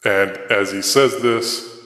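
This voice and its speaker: A man narrates a tabletop game as game master, describing the scene at an unhurried, slow pace. His voice sits on the low side. The room is roomy, with a long echo. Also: fairly even intonation, bright, forceful tone. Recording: echoey roomy hall.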